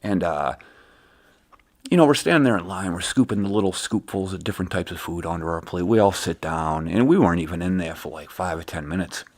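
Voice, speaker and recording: A man's voice: deep voice, a little fast, darkish tone. A man hosting a show, telling a long profane story in a rambling, casual rant full of fillers. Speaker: host. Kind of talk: casual ranting monologue.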